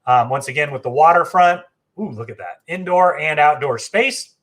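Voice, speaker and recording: Chatty enthusiastic man with a higher voice. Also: expressive, normal speed, fairly bright tone. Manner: chatty, enthusiastic, frequent fillers and self-corrections. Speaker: travel agency host. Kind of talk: casual live stream walkthrough.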